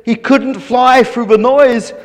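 High-voiced man reading a story aloud. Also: takes it slowly, in a large hall. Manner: animated, playful emphasis with repeated phrases.

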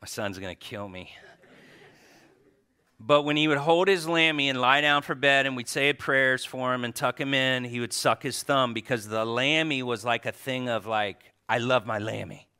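A man in his forties giving a heartfelt tribute at church, telling stories that swing between loud animated bursts and soft asides. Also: medium pitch, moderate pace, clear, resonant tone. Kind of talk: heartfelt tribute speech to a congregation.

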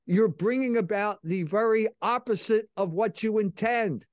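A man's voice: high voice, moderate pace, no echo. A man speaking as co-host on a casual political talk show, emphatic and sardonic.

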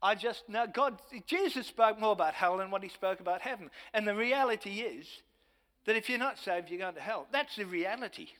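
A man's voice: high-pitched, animated, a little fast, fairly bright tone. Older male evangelist in a reverberant hall. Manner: storytelling with repeated quoted dialogue, restarts. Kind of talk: testimony sermon.

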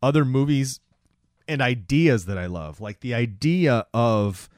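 A man with a medium-pitched voice speaks unhurriedly in clean studio sound with no echo. Hosting a podcast, he recounts a movie's story in casual chat, animatedly acting out scenes along the way.

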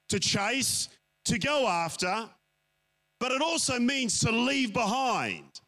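A man's voice: sits high, pushed and bright. A man preaching a sermon, stretching out key phrases and calling on the congregation. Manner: emphatic, drawn-out phrases, calls to the congregation. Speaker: pastor. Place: church sanctuary.

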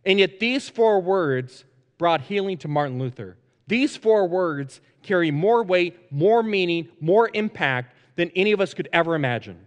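A male pastor preaching a sermon in a church, repeating his phrases in a measured way and using many fillers. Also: high-pitched, expressive, highs cut off. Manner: repetitive, measured, frequent "uh" fillers. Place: church sanctuary. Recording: long reverb in a large sanctuary.

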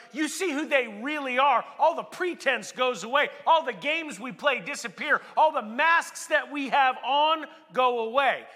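Male pastor, very high bright voice, sermon with dramatic hush-to-shout swings, long hall reverb. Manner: preaching with dramatic swings between hushed and shouted passages.

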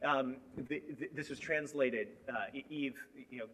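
A man preaching a sermon, animated, moving between emphatic lines and hushed asides. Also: medium pitch, a little slow, a little hiss or hum.

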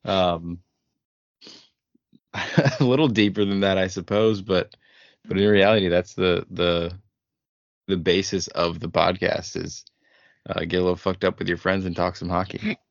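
A man's voice: low voice, steady tone, measured pace, gravelly, pauses often, no room sound. A man being interviewed as a podcast guest, talking in a laid-back, rambling way full of fillers. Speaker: podcast guest, show creator. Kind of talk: casual podcast chat. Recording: dull lo-fi audio.

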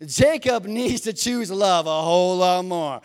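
High-voiced man preaching, hushed to shouting. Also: animated, unhurried, clear, resonant tone. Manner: preaching with call-and-response, swinging from hushed to shouting. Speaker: pastor. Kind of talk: sermon. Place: church hall.

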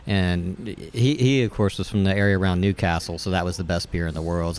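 A man's voice: low voice, steady tone, fairly quick, few pauses, darkish tone. A middle-aged man telling stories in casual conversation, rambling with many fillers and restarts. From West Virginia. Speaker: brewer and guest.

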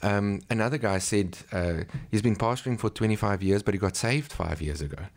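Interview guest: deep, gravelly man from South Africa, anecdotal, filler-heavy. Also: fairly quick. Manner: storytelling, acts out quoted voices, many ums. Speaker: missionary pastor and teacher. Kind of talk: conversational interview.

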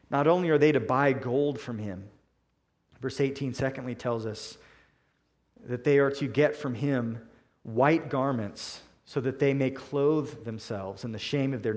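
A man preaching a sermon in a deliberate, emphatic way, slowing down to stress key words. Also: medium pitch, darkish tone.

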